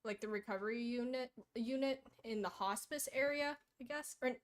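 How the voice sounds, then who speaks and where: A woman's voice: fairly high pitch, moderate pace. A woman chatting on a live stream, giggly and hesitant, often trailing off. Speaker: stream guest. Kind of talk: casual live-stream banter.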